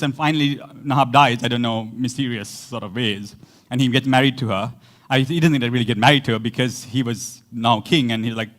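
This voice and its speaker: Male pastor, conversational sermon delivery, slightly higher than usual voice, quick to laugh and act out quotes. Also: a bit bright.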